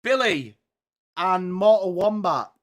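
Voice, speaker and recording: A man hosting a live football watchalong, reacting excitedly and chatting with viewers by name. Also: high voice, slow. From England. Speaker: live-stream watchalong host. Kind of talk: live sports reaction and chat.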